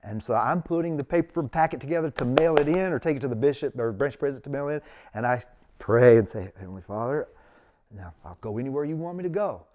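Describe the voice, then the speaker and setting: Animated, chatty man telling stories. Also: fast talker, dull audio. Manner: animated storyteller, acts out quotes with big pitch jumps. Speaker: interview guest. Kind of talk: storytelling in casual conversation.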